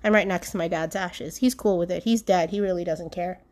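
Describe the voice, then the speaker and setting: A woman's voice: lowish voice, fairly even intonation, fairly quick, darkish tone. A young adult woman hosting a solo podcast from home, talking candidly and rambling with many fillers and bursts of laughter. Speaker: podcast host. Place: alone at home.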